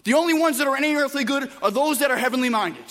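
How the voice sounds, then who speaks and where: A man preaching a sermon with emphatic delivery, moving between loud bursts and quiet, soft passages. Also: extremely high pitch, fast, big-room sound. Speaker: pastor.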